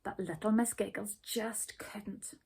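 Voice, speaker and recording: A woman reading a children's story aloud, gentle and expressive. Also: medium pitch, measured pace, gravelly, husky.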